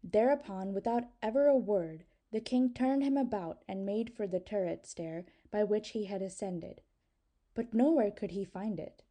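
A woman narrating an old legend in a measured, even storytelling manner. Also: medium pitch. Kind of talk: audiobook reading.

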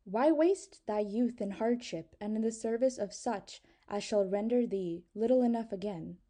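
A woman's voice: medium pitch, moderate pace, mellow, close to an everyday voice. A woman reading the part of a proud, mocking sorceress who tempts and commands in honeyed, archaic speech. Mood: mocking, tempting. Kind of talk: audiobook reading.

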